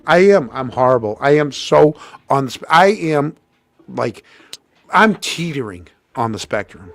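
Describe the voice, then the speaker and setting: A man's voice: unhurried, creaky. A man hosting a podcast, telling a long story in casual chat and acting out every quote. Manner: animated storyteller, acts out quotes with big pitch jumps. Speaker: podcast host.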